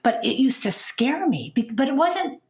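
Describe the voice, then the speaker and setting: A woman's voice: high voice, very animated, normal speed. A woman in her sixties co-hosting a podcast, speaking reflectively and prompting her partner with questions. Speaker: podcast co-host. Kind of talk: conversational podcast talk. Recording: roomy echo.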